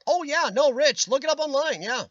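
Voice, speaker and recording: With an extremely high, expressive voice at a normal speed, an American man hosts a casual live-stream, ranting his strong opinions and responding to commenters by name. His voice is beginning to tire, and the lo-fi audio has no room sound.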